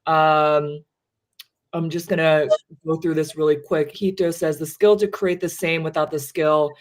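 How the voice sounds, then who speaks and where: A woman hosting a casual chat over a meal, talking quickly and loosely with lots of "like" and "you know". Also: low-pitched, steady tone. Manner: casual, fast-talking, peppered with "like". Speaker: host.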